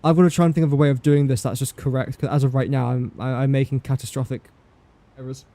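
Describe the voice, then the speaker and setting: A man's voice: mid-range voice, little pitch movement, quick pace, warm tone, dry recording. A man chatting casually during a gameplay livestream, playful and self-mocking, talking to objects in the game. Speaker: game streamer.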